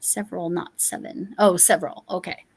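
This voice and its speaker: A woman's voice: lowish voice, steady tone, brisk, husky. A woman from Colorado hosting a casual livestream chat while crafting, curious and musing aloud. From Colorado, USA. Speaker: host.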